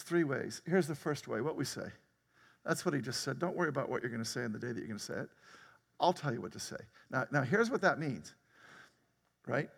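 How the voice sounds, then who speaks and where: Pastor guy preaching in a church, chatty, bursts out loud sometimes, echoey hall. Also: high-pitched, vocal fry. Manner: conversational preaching with laughter and sudden loud outbursts. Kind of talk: sermon. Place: church sanctuary.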